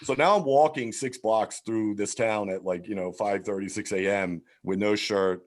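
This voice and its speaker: A comedian with a low-pitched voice spins a story in a loose, swearing, animated way. He acts out every line of dialogue as he goes, in a relaxed, casual podcast manner. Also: moderate pace.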